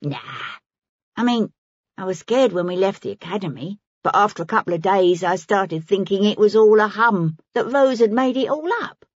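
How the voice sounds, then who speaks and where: A woman's voice: medium pitch, animated, dry recording, dull audio, natural voice. A woman narrator voicing a frightened, cheeky young street girl with brash slang, in an audiobook. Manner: brash, quick, working-class slang.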